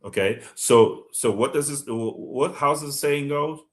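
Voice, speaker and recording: A man's voice: mid-range voice, slow. A man from Liberia giving fiery, combative political commentary on a live stream, speaking emphatically.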